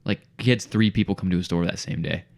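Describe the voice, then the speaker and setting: A man's voice: low-pitched, fast. A young man casually telling a story on a podcast, acting out what people said and calling his listener "dude" and "bro". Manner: animated storyteller, acts out quotes, says "dude" and "bro" a lot. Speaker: podcast co-host.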